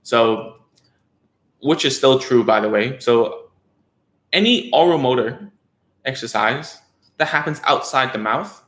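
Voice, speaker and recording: A man with a mid-range, slightly bright voice speaks slowly and animatedly, pausing often, in a roomy space. He's a speech therapist talking casually to parents, rambling along with plenty of fillers and "okay?" checks.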